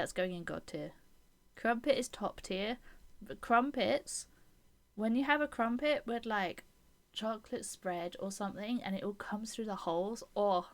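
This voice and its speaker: A young British woman chatting casually while live-streaming a game, opinionated and given to rambling restarts and indignant bursts. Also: medium pitch.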